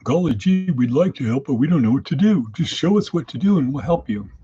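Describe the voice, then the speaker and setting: A man putting on the voice of an eager but clueless would-be helper, high and naive. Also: expressive, brisk, mellow, highs cut off, faint music behind, close to an everyday voice.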